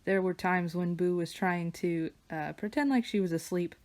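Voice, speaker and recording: A woman artist chatting casually while she draws, wandering between stories and soft murmured asides about her work. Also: lowish voice, normal speed. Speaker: digital artist and vlogger. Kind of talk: casual chat while drawing. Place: home studio with her dog nearby.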